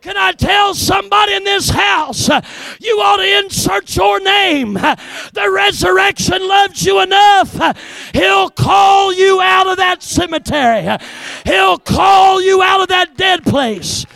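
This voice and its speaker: A hoarse man preaching a sermon, shouting with call-and-response exhortations to the congregation, his voice still rough from a recent respiratory infection. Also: very high voice, unhurried, dry recording.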